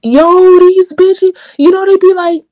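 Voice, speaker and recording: A woman's voice: very high-pitched, fairly even intonation, unhurried, a little mellow, no room sound, clean studio sound. A woman with a New York accent chatting casually in an online group talk, blunt and profane.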